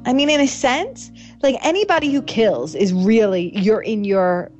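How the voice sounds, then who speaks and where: A woman with a New York accent, a guest in a casual interview, talking in an animated way, laughing often and acting out her old lines. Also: a little high, normal speed, faint music behind. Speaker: actress guest.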